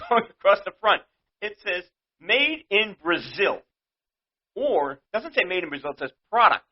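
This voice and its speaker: A man's voice: high voice, highs cut off. Exasperated New York man ranting. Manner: indignant, exasperated, rambling. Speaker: show host. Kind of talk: ranting monologue.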